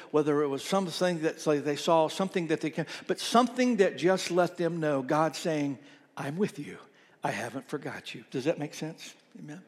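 A male pastor with a high, light voice delivers a storytelling sermon, acting out the people he quotes. He sometimes sinks to a hushed, almost whispered tone, and his voice rings out with a long echo in a big church hall. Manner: storytelling, quoting others in lively retellings, dropping to soft near-whispers. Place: church sanctuary.

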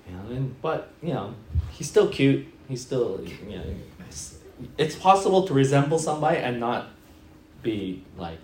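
A man's voice: mid-range voice, moderate pace, echoey room, slight background noise. A middle-aged male pastor preaching a sermon, telling stories and acting out the people in them. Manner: storytelling, animated with acted-out quotes.

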